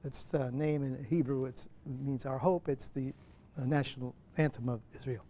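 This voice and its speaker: A man's voice: medium pitch, steady tone, normal speed, mellow. A man in his seventies giving a university lecture as a guest playwright, digressive and self-interrupting, with many asides.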